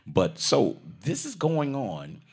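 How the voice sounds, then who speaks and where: A man in casual chat, retelling a story with lots of swearing and quick acted-out quotes of what people said. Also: mid-range voice, slightly rough. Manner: swearing freely, acting out quotes in animated voices.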